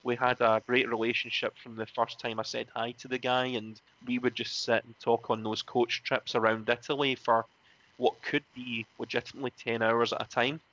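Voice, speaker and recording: A man, a former wrestling referee, telling animated stories in a casual interview, often laughing and acting out other people's lines. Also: medium pitch, moderate pace, dull audio. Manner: animated, laughs often, acts out quoted voices.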